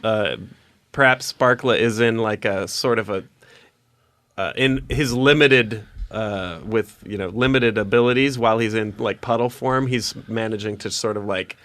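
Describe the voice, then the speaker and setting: A man's voice: on the low side, moderate pace, fairly bright tone. A man narrating a tabletop game as dungeon master, rambling with lots of fillers. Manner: rambling, many fillers and restarts.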